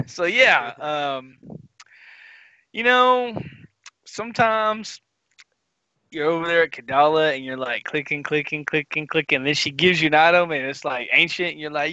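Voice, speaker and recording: A man's voice: on the high side, moderate pace, pushed and bright, dry recording, dull audio. A man co-hosting a gaming podcast, telling a long story in casual chat and acting out his friends' lines. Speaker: podcast co-host.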